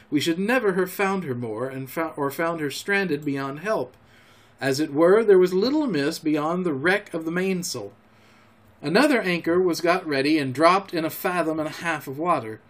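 Man reading an adventure story aloud. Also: on the high side. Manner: measured, expressive narration. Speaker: podcast storyteller.

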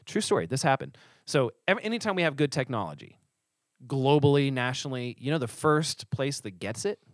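A church leader co-hosting a casual podcast tells stories animatedly, acting out the voices of the people in them. His voice is medium-pitched and brisk, in a dry, studio-quality recording.

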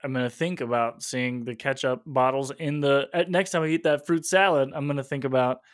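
A man co-hosting a podcast in easy, casual chat. He sounds eager and fires off one teasing question after another. His voice has a medium pitch. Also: brisk. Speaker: podcast co-host.

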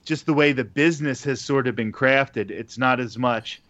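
Male radio broadcaster guest, relaxed storyteller, muffled dry recording. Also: medium pitch, moderate pace, no echo. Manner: relaxed, laughs between points. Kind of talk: casual conversational interview.

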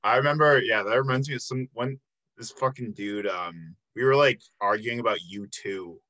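A man's voice: on the low side, normal speed, bright, forceful tone, rough recording. A man hosting a casual band interview, rambling and swearing freely with lots of filler words. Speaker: podcast interviewer.

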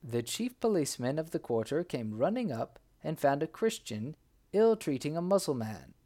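A man's voice: on the high side, normal speed. A man reading a folk tale aloud as narrator, bringing the characters' cries to life. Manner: lively, acts out the characters' cries. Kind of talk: storybook reading.

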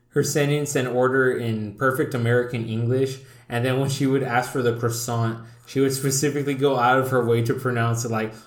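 A man's voice: medium pitch, fairly even intonation, moderate pace. A young man co-hosting a casual podcast chat, rambling and swearing as he tells a story and laughs along. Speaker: podcast co-host. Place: indoor room. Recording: roomy echo.

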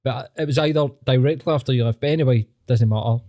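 A man's voice: medium pitch, fast, mellow. A Scottish man hosting a podcast, telling stories in a chatty, teasing way. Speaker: podcast host. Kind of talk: casual chat.

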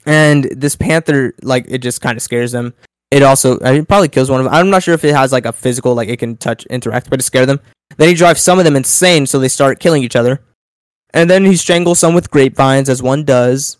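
A man's voice: medium pitch, fast, clear, resonant tone, no echo. A man co-hosting a podcast, telling a story in a casual, playful, rambling way. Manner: playful, rambling, self-interrupting. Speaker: podcast co-host.

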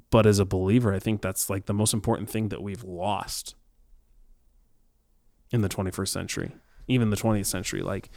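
Low-voiced man musing on faith. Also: darkish tone, no echo. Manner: reflective, rambling, many ums. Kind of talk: casual faith discussion.

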